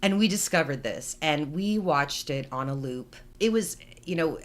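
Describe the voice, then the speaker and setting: A woman's voice: low voice, expressive, moderate pace. A woman in her forties, co-hosting a podcast in casual chat, with chatty storytelling. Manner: chatty storytelling, retelling film scenes. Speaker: podcast co-host.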